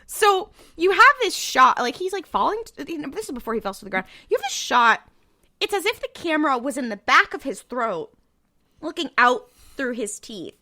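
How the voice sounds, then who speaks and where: Recapping an episode on a rewatch podcast she co-hosts, a woman chats breezily, swears freely and uses plenty of fillers. Her high-pitched voice is sing-song and sharp at a normal speed, with clean studio sound and no echo.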